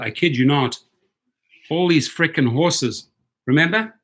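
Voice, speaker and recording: A man's voice: a little high, measured pace, fairly bright tone. A man vlogging, talking casually at a table, rambling and repeating his words. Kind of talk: casual chat.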